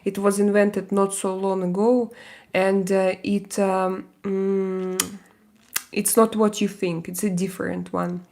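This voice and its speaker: A woman with a Russian accent, hosting a casual live stream and answering viewer comments. She talks haltingly, with many fillers and frequent laughs. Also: medium pitch, level tone, gravelly, a little mellow, a little hiss or hum.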